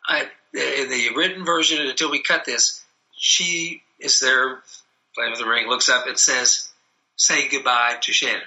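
A man's voice: mid-range voice, measured pace, bright, forceful tone, lo-fi sound. A man talking casually about the short film he wrote, rambling with many fillers and restarts. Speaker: filmmaker interviewed about his short film. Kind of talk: casual interview.

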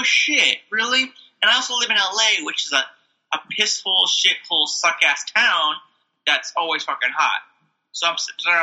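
Young guy venting, swearing a ton, rambling, really bright edgy voice, kinda high. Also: rough recording. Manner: profane, rambling, animated retelling. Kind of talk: casual rant to camera. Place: Los Angeles.

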